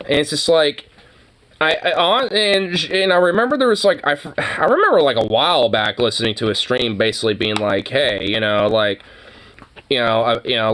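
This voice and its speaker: Young man, casual livestream rant, profane and rambling, mid-pitched voice. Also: a bit bright. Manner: profane, rambling, heavy on fillers. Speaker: streamer.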